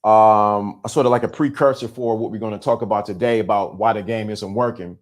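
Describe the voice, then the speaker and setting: A man's voice: fairly low pitch, steady tone, a little fast. Emphatic man repeating his points. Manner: repetitive, emphatic, preacher-like cadence. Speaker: host. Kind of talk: live-streamed motivational talk.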